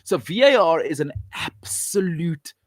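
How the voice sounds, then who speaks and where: A man hosting a show, giving an emphatic, opinionated monologue with rhetorical questions, frequent restarts and sudden rises in pitch when he makes a point. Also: lively intonation, a little slow, dry recording.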